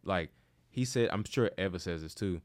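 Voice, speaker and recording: Deep-voiced man telling stories, slangy. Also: moderate pace. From St. Louis, USA. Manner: loose and slangy, swings into animated storytelling. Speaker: podcast host. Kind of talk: casual conversation.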